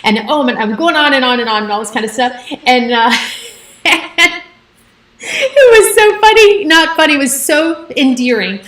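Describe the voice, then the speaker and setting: Chatty high-voiced woman in an echoey room. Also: sing-song, moderate pace, a bit bright. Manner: chatty, rambling storyteller with many fillers and laughs. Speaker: livestream host. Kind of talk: casual livestream chat. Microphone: phone.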